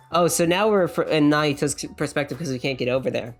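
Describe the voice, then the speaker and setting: A woman's voice: deep voice, a little fast, few pauses, faint music behind. A woman playing a game on a let's play channel, thinking aloud and reading the characters' lines in a plain voice. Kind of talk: casual game commentary reading dialogue aloud.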